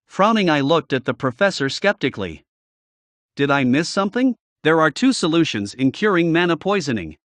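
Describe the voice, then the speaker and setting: Male narrator, first-person novel reading, steady delivery, fairly high pitch. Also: moderate pace, no room sound. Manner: steady reading with occasional slips. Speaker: audiobook narrator.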